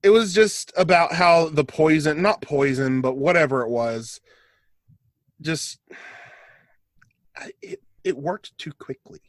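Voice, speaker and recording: A young man with a fairly high voice co-hosts a podcast in casual chat. He jumps in with quick, wry jokes and asides. The recording is dry and close, with no room sound. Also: no echo. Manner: quick wry interjections, joking. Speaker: podcast co-host and editor.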